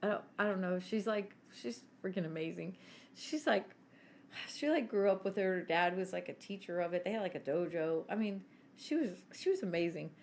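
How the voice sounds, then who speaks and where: A woman's voice: medium pitch, moderate pace, a little mellow, slight background noise. A woman in her forties telling stories in casual chat as a podcast co-host, brash, laughing and swearing freely.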